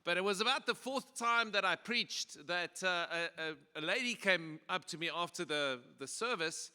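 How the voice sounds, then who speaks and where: A South African man gives a lighthearted conference talk, easygoing and full of restarts. His voice is sharp and bright, clear and smooth. It rings out through a long-echo hall. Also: sits high, animated, moderate pace. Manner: joking, conversational, many fillers and restarts. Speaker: pastor and conference speaker. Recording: echoey hall PA.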